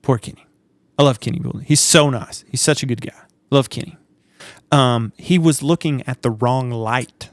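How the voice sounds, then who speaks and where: A man co-hosting a podcast, telling stories in a lively, animated way and acting out the people in them. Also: mid-range voice, moderate pace, no room sound. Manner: animated storyteller, acts out shouts and quotes. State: sleep deprived. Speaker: podcast co-host. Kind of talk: casual chat.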